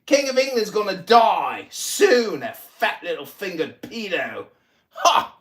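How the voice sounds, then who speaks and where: A man in his forties argues on his own livestream, mocking and taunting with profane, shouted jabs. His voice sits high and leaps about in pitch. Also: sing-song, takes it slowly. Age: 40s. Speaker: livestream host. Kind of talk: heated livestream argument.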